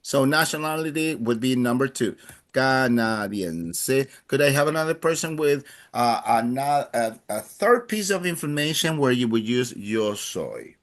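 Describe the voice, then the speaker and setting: A man teaching a beginner Spanish class, explaining patiently and slowly with frequent hesitations. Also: medium pitch, animated. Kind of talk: classroom language lesson.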